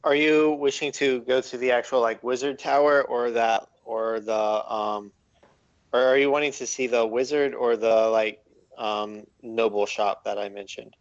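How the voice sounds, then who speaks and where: A man narrating a tabletop game as game master, halting and full of ums and likes. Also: mid-range voice, steady tone, muffled recording.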